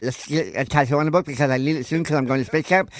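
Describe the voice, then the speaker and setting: A man's voice: fairly high pitch, rapid-fire, no echo, lightly acted. A man voicing a pushy, overexcited boy on a prank call, stammering and insistent. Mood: eager.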